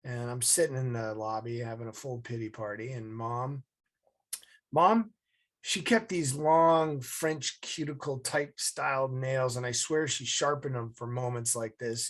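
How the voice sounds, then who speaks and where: Man, vivid storytelling guest, lively and punchy, over a video call. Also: mid-range voice. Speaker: guest, leadership advisor and former Navy SEAL. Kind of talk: storytelling interview answer.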